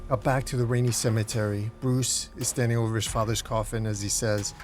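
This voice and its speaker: A man's voice: mid-range voice, little pitch movement, a little fast, few pauses, darkish tone, faint music behind. A man hosting a comic recap, telling the story in a dramatic way. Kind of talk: comic book recap narration.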